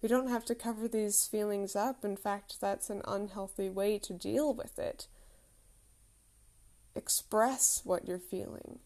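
A woman's voice: mid-range voice, fairly even intonation, unhurried, a little mellow. A woman in her thirties telling a candid, reflective personal story with self-deprecating humour.

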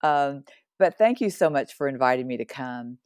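A woman in her sixties, a podcast guest, sharing an earnest personal faith testimony in an animated way. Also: rumbling low, moderate pace, clear, resonant tone, no echo, clean studio sound. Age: 60s. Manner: animated and earnest, with laughs and asides.

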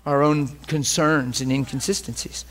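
A man preaching a sermon, telling a personal story in an animated way, often jumping high in pitch and laughing as he talks. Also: moderate pace. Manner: animated storytelling, voice jumps high into quoted cries; laughs through his own story.

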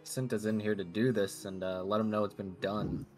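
A man with a fairly low voice talks plainly and easily as his character at a tabletop game. Soft guitar music plays behind. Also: fairly even intonation, moderate pace. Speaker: player. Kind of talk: casual tabletop play.

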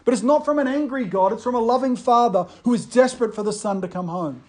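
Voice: mid-range voice, fast talker, a little mellow. Earnest preacher explaining scripture. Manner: earnest, explanatory, reads quotes aloud. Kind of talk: sermon.

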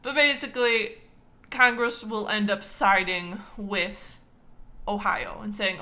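A woman's voice: mid-range voice, fairly even intonation, slow pace, pushed and bright. A woman from Wisconsin hosting a casual history podcast, chatty and playfully indignant, with lots of fillers. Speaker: podcast host.

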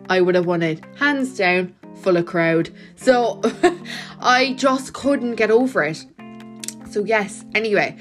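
A young woman, hosting a casual podcast and telling stories with big exaggerated comparisons. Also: mid-range voice. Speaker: podcast host.

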